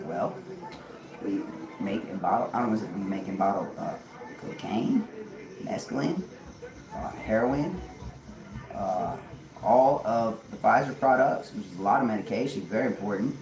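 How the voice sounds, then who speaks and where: A man's voice: lowish voice, animated, moderate pace, long pauses. A man rambling on a live stream, swearing and laughing to himself, heard from far off in an echoey room. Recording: echoey room, mic far off, crowd noise.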